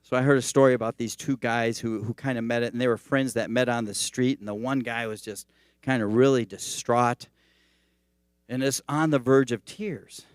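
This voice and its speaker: A man's voice: medium pitch, moderate pace, clear, resonant tone, no room sound, clean studio sound. Conversational man preaching a sermon. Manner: conversational, animated storytelling preaching. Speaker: teaching pastor.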